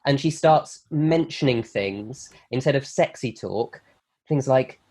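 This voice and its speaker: On a comedy podcast, a male guest lays out his idea for a film, spinning it into a lively, fast-paced story. He performs the lines himself as he goes.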